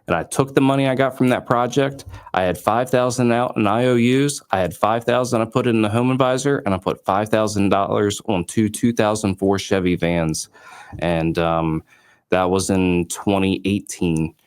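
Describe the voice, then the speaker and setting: A man in his late twenties, a company founder, telling his story in an interview with lively quoted dialogue and many fillers. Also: on the low side, normal speed, smooth.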